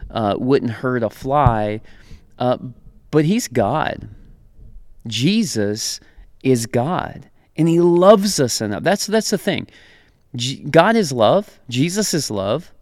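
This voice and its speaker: A young man preaches in an easygoing, conversational way, laughing often and acting out quotes. His voice sits at a middling pitch. The sound is dry and close, with no room echo. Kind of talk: conversational sermon.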